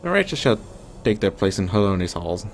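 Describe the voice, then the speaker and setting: A man plays a stern, judgmental inquisitor from a fantasy game, speaking gravely and formally. The voice stays stately while the pitch moves expressively. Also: big pitch swings, fairly quick, a little hiss or hum. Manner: grave, stately, mock-Shakespearean.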